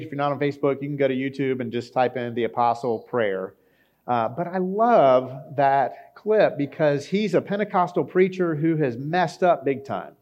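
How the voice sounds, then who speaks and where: A man's voice: mid-range voice, darkish tone. Conversational pastor, man, slightly dull sound. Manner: conversational, with fillers and acted quotes. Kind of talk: sermon.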